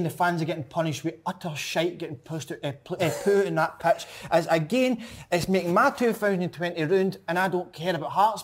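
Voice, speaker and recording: Ranting Scottish man, high voice. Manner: animated, ranting, laughing. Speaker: podcast guest pundit. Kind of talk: casual football chat.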